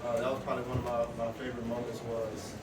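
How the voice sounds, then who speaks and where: A man's voice: medium pitch, level tone, racing, very noisy. Hesitant man speaking on a panel. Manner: hesitant, many fillers, heartfelt. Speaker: actor on a convention panel. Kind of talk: casual chat on stage. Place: large convention hall. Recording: echoey hall from far off, loud crowd.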